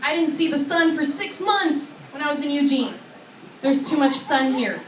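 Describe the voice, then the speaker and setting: A woman's voice: high-pitched, normal speed. A young woman from Oregon performing a chatty, self-mocking stand-up set on a comedy club stage, acting out little voices. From Oregon, USA. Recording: echoey club, recorded from far off.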